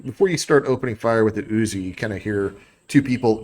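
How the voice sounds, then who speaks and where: A man from the United States runs a tabletop game as its game master. His voice sits a little low. He talks in halting bursts full of fillers. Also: darkish tone. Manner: halting, many uh fillers, breaks into quick character voices.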